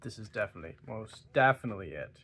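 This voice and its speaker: A man's voice: lowish voice, animated, fast, sharp tone, slightly rough. Tired, giggly young man rambling. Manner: rambling, giggly, with stumbles and laughs. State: tired, yawning. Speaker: book reviewer. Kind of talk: casual book talk vlog.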